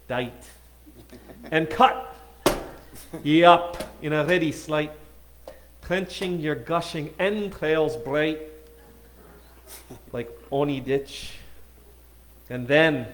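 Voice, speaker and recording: A man's voice: a little high, a little hiss or hum. A man at a church hall concert reciting an old Scots poem in a put-on Scottish accent, declaiming theatrically with swells of emphasis.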